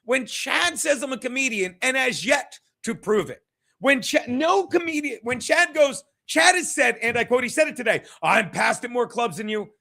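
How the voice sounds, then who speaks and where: A man's voice: very high-pitched, lively intonation, normal speed, vocal fry, pushed and bright. A stand-up comedian, a man, giving a rambling, profane, combative rant as stream commentary.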